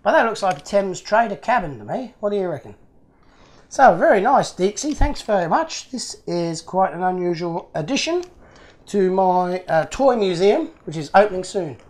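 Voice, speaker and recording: The voice is a man's, pitched high with a sing-song lilt and moving at a normal pace. He's an Australian YouTuber and model car restorer hosting his channel, casually unboxing toy models while he rambles and cracks self-deprecating jokes.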